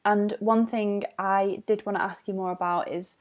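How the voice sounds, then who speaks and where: A woman's voice: mid-range voice, fairly even intonation, normal speed. A woman hosting a podcast interview, agreeing with her guest and asking follow-up questions. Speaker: podcast host.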